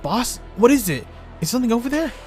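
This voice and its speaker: A man's voice: very animated, quick pace, a little mellow, soft background music. A man voicing a curious, teasing young male detective in a mystery game, with a lifted, eager tone. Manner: eager, curious, raised pitch.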